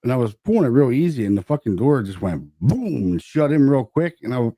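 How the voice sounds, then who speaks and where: A man co-hosting a podcast in casual chat, a profane and animated storyteller who acts out his own reactions. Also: medium pitch, a little fast, dry recording, studio quality. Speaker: podcast co-host.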